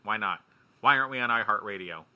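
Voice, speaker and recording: A man's voice: on the low side, fast, sharp tone. A man hosting a casual podcast, joking and laid-back, talking into a studio mic. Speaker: podcast host. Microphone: studio mic with spit guard.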